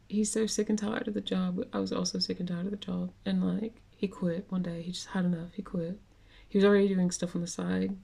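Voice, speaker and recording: A woman's voice: mid-range voice, creaky. A young woman venting in a casual vlog rant, rambling with many fillers and restarts. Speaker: vlogger.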